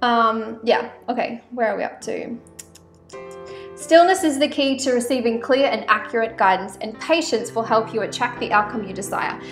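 A woman's voice: on the high side, normal speed, roomy sound, faint music behind. An Australian woman vlogging casually as she reads oracle cards, chatty and rambling with frequent "um" and "like" asides. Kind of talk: casual vlog with oracle card reading.

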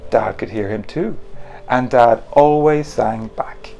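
A man, the author, reading his children's picture book in an animated, playful way and making the sound effects himself. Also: mid-range voice, takes it slowly, creaky, faint music behind.

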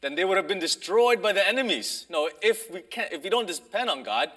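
A man delivers a sermon in a loose, conversational way, pausing and restarting as he explains. His voice sits a little high and sounds bright and forceful. He speaks in a church. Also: animated. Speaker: preacher. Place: church sanctuary.

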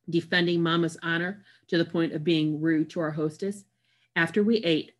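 A woman reads a novel aloud in the first person, giving it an expressive storytelling delivery. Her voice is pitched fairly low. It sounds like audiobook narration.

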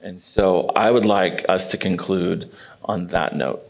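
Brief: male pastor moderating a Q&A, very deep gravelly voice, unhurried. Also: fairly even intonation. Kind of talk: moderating a church Q&A.

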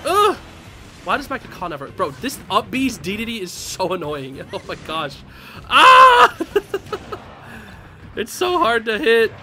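A young man streaming a fighting game, reacting loudly with yelps, laughs and slangy trash talk. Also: high voice, sing-song, takes it slowly, long pauses, soft background music. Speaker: gaming streamer. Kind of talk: live gameplay commentary.

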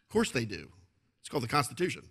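A man's voice: mid-range voice, huge pitch swings, fast talker, creaky, fairly bright tone, slightly rough. A male pastor preaching a sermon, emphatic and repetitive, often asking the congregation to agree.

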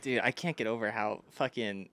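A man's voice: on the low side, moderate pace, fairly bright tone, no echo. A young man co-hosting a casual podcast, teasing and laughing with his friend. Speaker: podcast co-host. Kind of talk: casual chat.

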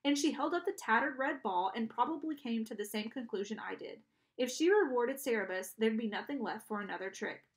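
Expressive woman narrating a story. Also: a little high, brisk. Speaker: audiobook reader.

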